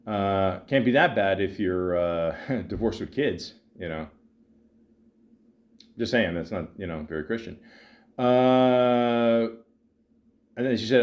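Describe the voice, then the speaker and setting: Rambling man with a low voice. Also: expressive, a little mellow. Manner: rambling, halting, with many fillers and restarts; wry, sardonic asides. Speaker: podcast host. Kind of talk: casual monologue.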